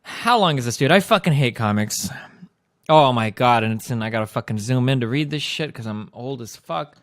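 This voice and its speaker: A man's voice: mid-range voice, lively intonation, normal speed, a bit bright, no echo, clean studio sound. A man streaming, ranting at his chat in a profane, combative and sarcastic way. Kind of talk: ranting reaction commentary.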